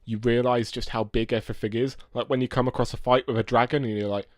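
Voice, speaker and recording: A young man co-hosting a casual podcast, talking in a relaxed, laid-back way with quick asides. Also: medium pitch, no echo, clean studio sound. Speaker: podcast co-host. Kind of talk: casual chat. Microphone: close podcast mic.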